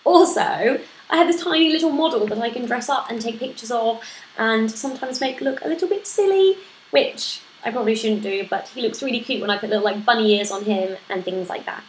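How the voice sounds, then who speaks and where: A woman's voice: on the high side, fairly quick. A woman, chatting casually to camera as she answers questions about motherhood, often laughing at herself. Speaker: vlogger answering a parenting tag. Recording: echoey room with faint noise.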